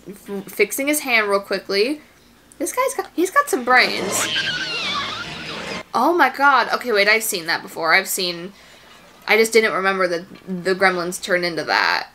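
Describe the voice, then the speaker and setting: A woman's voice: mid-range voice, pushed and bright, a little hiss or hum. A woman giving casual commentary as she reacts to a movie, exclaiming and gasping at the screen, anxious and near tears for the characters.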